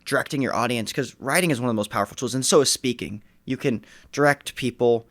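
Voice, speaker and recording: Young man, student, earnest, reflective, mid pitch, dry close mic. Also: fast talker, fairly bright tone, no room sound. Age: young adult. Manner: earnest, reflective, some restarts. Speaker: graduating high school senior. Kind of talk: casual podcast interview.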